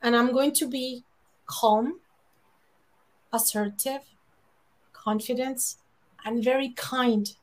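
Animated woman. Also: fairly high pitch, takes it slowly, pauses often. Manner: emphatic, animated, laughs often, acts out quoted lines. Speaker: guest speaker on public speaking. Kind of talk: lively conversational advice.

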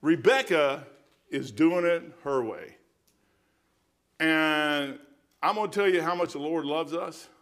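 A man's voice: on the high side, slow pace, pauses often, fairly bright tone. A middle-aged man preaching a sermon in a folksy, emphatic storytelling manner.

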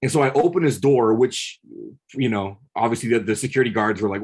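A man's voice: mid-range voice, quick pace, darkish tone, breathy edge. A man, a podcast guest, telling a personal story earnestly and building to passionate peaks, often repeating his words. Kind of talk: casual conversation, storytelling.

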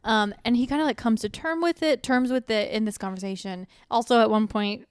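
A woman's voice: fairly high pitch, brisk, clear, resonant tone, dry recording, clean studio sound. A young woman chatting casually about a film, adding details and corrections as she goes, with some laughter. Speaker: podcast co-host. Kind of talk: casual chat recapping a film.

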